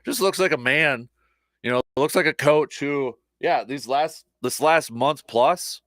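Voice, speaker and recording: A man hosting a casual sports talk show, rambling and animated, with lots of fillers and restarts, a little short on sleep. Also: fairly low pitch, dry recording, clean studio sound.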